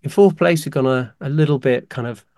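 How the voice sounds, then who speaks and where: A man co-hosting a casual podcast, excitedly ranking favourite films with dramatic apologies along the way. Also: medium pitch, brisk, no echo, studio quality. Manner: animated, excitable, apologetic asides. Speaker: podcast co-host.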